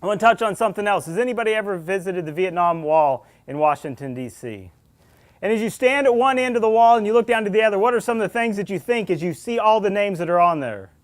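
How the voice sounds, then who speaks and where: A man with a fairly high voice gives a public talk to a community audience. He tells stories earnestly, speaks straight to the listeners, and voices the people he met as he recounts them. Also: lively intonation, quick pace. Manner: earnest storyteller, acts out dialogue, speaks to the crowd directly. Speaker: state police officer giving a community talk.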